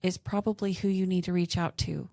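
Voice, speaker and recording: A woman's voice: lowish voice, fairly even intonation, brisk, vocal fry, dark tone, no room sound, clean studio sound. A woman with a Southern American accent hosting a faith-based podcast, speaking in an earnest, encouraging way. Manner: earnest, encouraging, giggly in bloopers. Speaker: podcast host. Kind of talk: casual podcast chat with faith reflection.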